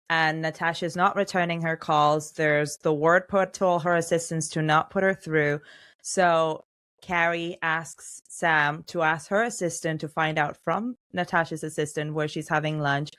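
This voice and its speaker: A woman hosting a podcast, retelling scenes in a lively, chatty way and voicing the characters' lines as she goes. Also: low-pitched, unhurried. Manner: animated storytelling, acts out characters' lines. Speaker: podcast host. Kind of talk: casual podcast recap chat.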